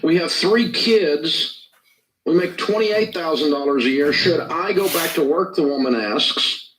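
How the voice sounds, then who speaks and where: A man giving financial advice on a call-in radio show, measured and pointed, stressing the numbers. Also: on the high side, noisy background. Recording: roomy clip from a distance.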